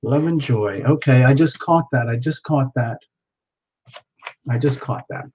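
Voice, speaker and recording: A man's voice: medium pitch, measured pace, a little mellow, breathy edge. A man hosting a live tarot reading stream, chatting casually with viewers and reading out their names. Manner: chatty, self-talking, reads out viewer names. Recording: dull lo-fi sound with faint background noise.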